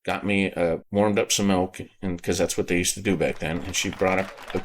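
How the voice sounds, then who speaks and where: A man hosting a podcast, telling a personal story in a halting way, repeating words and getting choked up. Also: sits low, steady tone, a little hiss or hum. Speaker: podcast host.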